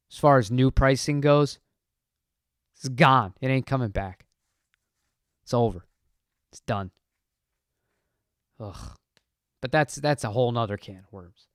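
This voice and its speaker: A man's voice: mid-range voice, dry recording, studio quality. A man hosting a casual live-stream chat, rambling and talking to viewers in the chat. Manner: rambling, chatty, reads chat aloud. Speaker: channel host.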